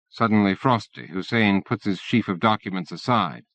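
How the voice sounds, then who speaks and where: A man's voice: lowish voice, moderate pace, hardly any pauses, fairly bright tone, no room sound. Man narrating an audiobook, lo-fi. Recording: dull lo-fi cassette audiobook.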